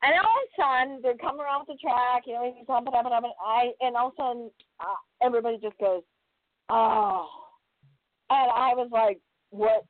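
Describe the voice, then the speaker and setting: An actress telling a story in casual podcast chat, acting out the quotes and swearing freely. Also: female voice, a little high, quick pace, dry recording, phone-quality sound. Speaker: actress guest.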